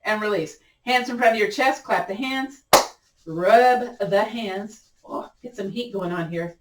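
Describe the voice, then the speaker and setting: A woman teaching a gentle yoga class, giving encouraging, chatty cues and repeating them often, her voice cracking a little. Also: medium pitch, a little slow, reverberant, recorded from a distance, very noisy. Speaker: yoga instructor. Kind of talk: guided yoga class instruction.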